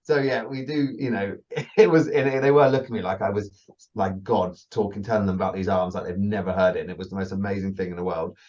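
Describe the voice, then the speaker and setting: Brief: low-voiced male agility trainer, chatty and profane, recorded dull and slightly off-mic. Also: quick pace. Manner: swearing, laughing, animated storytelling. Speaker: dog agility trainer, podcast co-host. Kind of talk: casual podcast chat.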